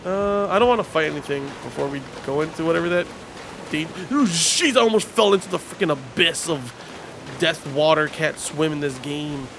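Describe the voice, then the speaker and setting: A man giving casual live commentary while streaming a game, talking to his chat in an excitable, rambling, slangy way. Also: on the high side, normal speed, noisy background. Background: game music.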